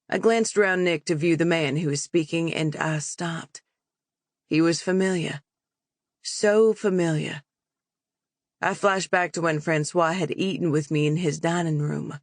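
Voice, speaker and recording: A woman narrating a romance audiobook in the first person in a calm, even voice. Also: sits low, no echo, clean studio sound.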